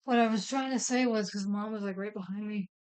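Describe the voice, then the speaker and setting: A woman's voice: mid-range voice, fairly even intonation, brisk, darkish tone, smooth. A woman chatting casually on a livestream, apologetic and giggly as she explains herself.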